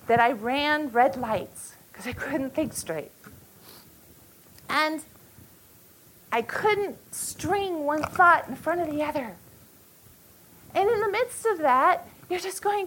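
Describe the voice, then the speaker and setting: A woman in her forties teaching at a church retreat, speaking earnestly with halting restarts and an emotional storytelling manner. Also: high voice, lively intonation, a bit bright, poor audio.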